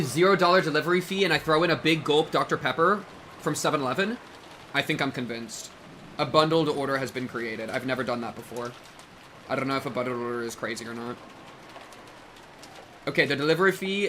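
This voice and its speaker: A man in his twenties chatting casually with his stream chat, excitable and jokey, breaking into loud yelps and shouts. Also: mid-range voice, a little hiss or hum. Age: 20s.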